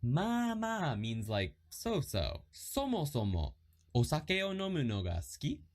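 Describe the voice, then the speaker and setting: A Japanese learner teaching lessons explains things in a chatty man's voice with lively pitch at a moderate pace. Relaxed and casual, he reads example sentences and repeats them.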